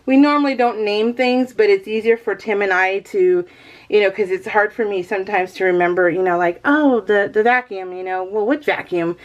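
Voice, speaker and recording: A woman's voice: medium pitch, normal speed. A woman vlogging at home in a casual, rambling chat, often breaking into laughter. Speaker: crafting vlogger.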